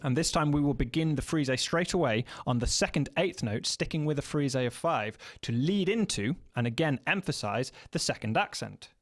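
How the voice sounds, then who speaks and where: A man teaching snare drum technique, explaining in a measured way and counting rhythms aloud, with occasional fillers and self-corrections. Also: a little high, animated. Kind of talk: instructional music lesson.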